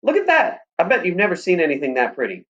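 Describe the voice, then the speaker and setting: A man's voice: mid-range voice, animated, quick pace, dull audio, pitched above the performer's own voice, close to an everyday voice. A man reading aloud, voicing an eager young farm boy who pleads and exclaims.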